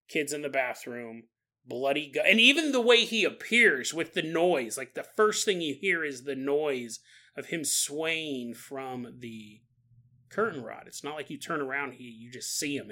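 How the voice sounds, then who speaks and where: Brief: bright-toned male podcast host, loose comedic storytelling, laughs a lot. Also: on the high side. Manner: animated, joking, laughs often.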